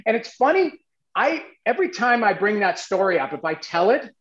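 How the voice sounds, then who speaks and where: High-voiced man telling rambling stories. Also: brisk, roomy sound, dull audio. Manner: animated, rambling with restarts. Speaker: guest, former goalie. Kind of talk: casual storytelling.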